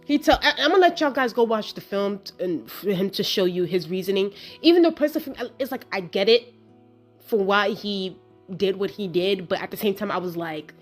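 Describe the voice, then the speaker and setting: Woman, casual film review vlog, chatty and animated, mid-range voice, faint music behind. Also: mid-range voice, fairly quick. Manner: chatty and animated, full of fillers, asides and laughter; exasperated storytelling, acting out her own reactions.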